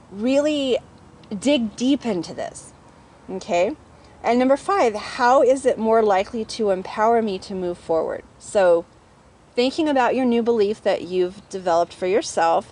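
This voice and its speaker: A woman's voice: mid-range voice, a little mellow. Chatty woman coaching on business mindset. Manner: conversational, often checks in with "okay?", addresses viewers as "guys". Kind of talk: casual teaching talk to camera.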